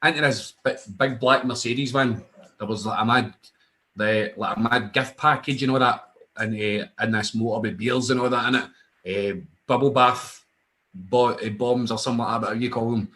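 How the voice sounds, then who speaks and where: A young Scottish man tells stories in relaxed, profane chat. He gets animated and slips into other people's voices as he recounts what they said. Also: mid-range voice, moderate pace. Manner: animated, swearing, acts out other voices in his anecdotes. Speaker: guest wrestler. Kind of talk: casual storytelling chat.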